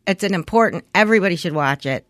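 Middle-aged woman co-host, quick to agree. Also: lowish voice, lively intonation, fairly bright tone. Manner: agreeable, laughs often, quick backchannels. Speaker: podcast co-host. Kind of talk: casual chat.

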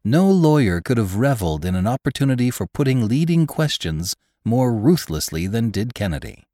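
A man narrating a classic story in a measured, expressive reading. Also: mid-range voice, no room sound, studio quality. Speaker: podcast narrator.

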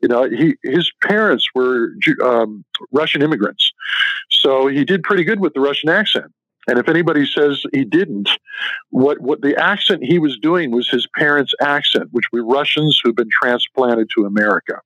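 A man's voice: medium pitch, lively intonation, normal speed, a bit bright, no room sound. Male author guest, anecdotal storyteller, dry dull lo-fi sound. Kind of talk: interview answers.

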